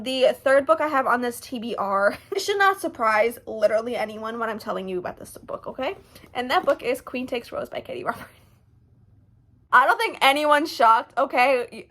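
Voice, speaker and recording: A chatty young woman talks straight to the camera about her reading plans. Her voice sits a little high, and she speaks in a lively, animated way, tossing in quick asides. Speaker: book vlogger. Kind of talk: casual chat to camera.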